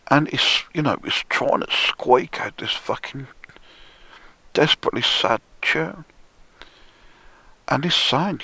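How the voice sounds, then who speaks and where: A man rants in a sneering, profanity-laden monologue at a deliberately slow pace, his pitch swinging widely. His voice is husky, and he often sinks into hushed whispers to drive a point home. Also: sing-song, no room sound. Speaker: conspiracy commentator. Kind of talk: ranting monologue.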